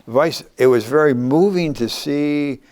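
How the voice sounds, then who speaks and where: Older man, earnest interviewee, halting delivery with frequent restarts. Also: a little high, darkish tone. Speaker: former congressman, guest.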